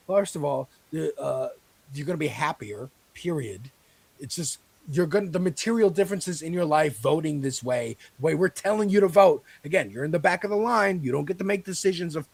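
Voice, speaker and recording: A man's voice: on the high side, animated, creaky, husky, no echo. An American man ranting in a heated, profane way as a guest on a political talk show. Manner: profane, ranting, fast-rising anger.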